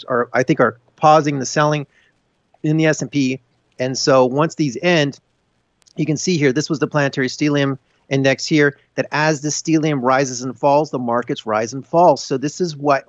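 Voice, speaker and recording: A man's voice: mid-range voice, no echo, highs cut off. A man explaining market charts as a guest analyst, earnest and emphatic, with frequent restarts. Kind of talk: explaining charts on a live finance show.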